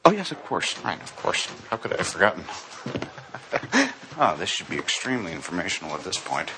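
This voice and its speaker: A paranoid, fussy man full of wordy, smug theories. His voice is very low but swings widely as he spells things out precisely. The film soundtrack carries clear noise. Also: expressive, very fast. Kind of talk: film dialogue.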